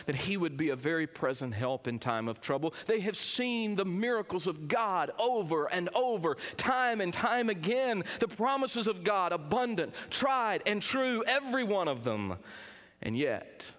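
A middle-aged man preaching a sermon, swinging between quiet, low lines and raised, emphatic ones. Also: lively intonation, unhurried. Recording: long reverb of a big hall.

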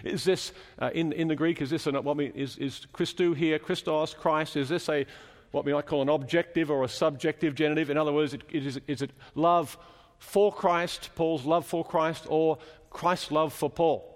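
A fairly high-voiced man delivers a teaching sermon, working through scripture and putting questions to his listeners. His voice carries a long reverb from the chapel he speaks in. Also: steady tone, moderate pace. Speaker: preacher.

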